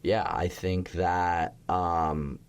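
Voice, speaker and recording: A man's voice: low-pitched, drawn-out words, smooth. A young adult man, a chef and restaurateur, talking casually in an interview with lots of "like" fillers and the odd swear word. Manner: animated storytelling, heavy use of "like", occasional swearing.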